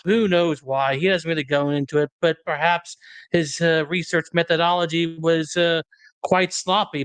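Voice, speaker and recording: A man introducing a video in a casual, wry commentary style, pausing with frequent fillers. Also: on the high side, a bit bright, clean tone, dry recording, rough recording. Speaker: video narrator.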